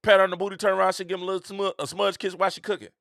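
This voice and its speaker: A middle-aged man, hosting a casual opinion monologue with an animated, repetitive, preacher-like cadence. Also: high voice, rapid-fire, vocal fry, no echo, clean studio sound. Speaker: host.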